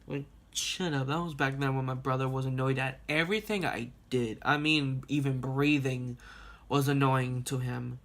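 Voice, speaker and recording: A young man tells a story straight to camera in an easy, rambling way. He laughs often and swears freely, with a voice pitched in the middle for a man. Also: moderate pace. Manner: rambling and animated, laughing and cursing at his own story. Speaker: vlogger. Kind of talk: casual storytime vlog.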